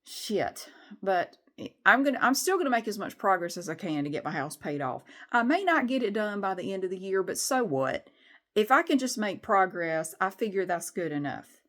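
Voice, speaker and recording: A middle-aged woman, venting candidly in a rambling, frustrated way with some swearing in a casual vlog. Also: on the low side. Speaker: vlogger.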